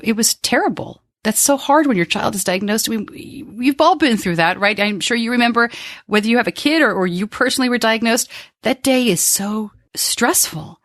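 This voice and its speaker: A middle-aged woman hosts a podcast in an easy, conversational way. She sounds heartfelt and openly emotional, her pitch sitting at an ordinary middle level. She is recorded close up on a dry mic with no room sound. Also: fairly bright tone, no room sound. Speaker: podcast host.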